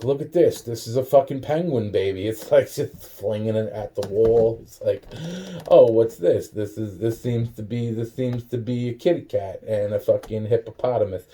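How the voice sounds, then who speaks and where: Very dark-voiced drunk man rambling. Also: mid-range voice. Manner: rambling, profane, with frequent restarts and fillers. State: tired. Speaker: vlogger. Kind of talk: rambling profane monologue to camera. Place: home kitchen, indoors.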